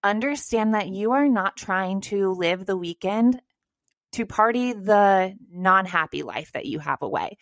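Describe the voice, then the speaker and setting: A woman in her thirties speaks straight to her listeners with a casual, encouraging push. Her voice sits at a middle pitch. It is recorded close and dry, with no room sound. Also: animated, unhurried, no echo. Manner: encouraging, direct, addresses listeners as "girl" and "you guys". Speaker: podcast co-host. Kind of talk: casual motivational chat.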